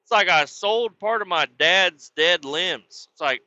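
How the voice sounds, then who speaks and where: Man, crude storyteller, fairly high voice, muffled dry recording. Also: unhurried, no room sound. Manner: crude, excitable, acts out both sides of arguments. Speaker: podcast host telling stories. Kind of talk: casual storytelling.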